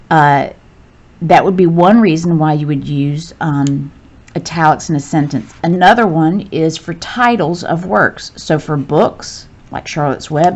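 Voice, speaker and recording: Woman teacher, lowish voice, slow and patient, dull lo-fi recording. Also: a little mellow. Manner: patient, explains step by step, corrects herself. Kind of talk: grammar lesson narration. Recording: dull lo-fi sound.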